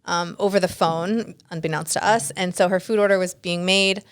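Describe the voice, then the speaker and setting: A woman guest in a casual interview, chatty and animated, full of fillers and restarts, acting out the people in her stories. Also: fairly low pitch, normal speed, clear, resonant tone. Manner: animated, acts out quoted people.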